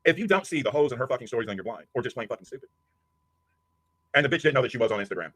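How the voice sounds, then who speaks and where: Fast-talking husky man ranting angrily. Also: medium pitch, expressive, dry recording. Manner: profane, aggressive, shouting insults. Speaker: livestreamer. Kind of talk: angry rant.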